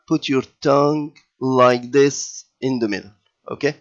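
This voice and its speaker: A man teaching children to read an old alphabet, talking them through slide after slide. His pace is slow and unhurried, and his pitch sits at a middling level. He keeps checking in with the learners and circles back to repeat himself. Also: fairly even intonation. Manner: patient, repeats and checks in with "okay?" and "all right?"; slow and deliberate, with fillers and restarts. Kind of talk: children's language lesson over slides.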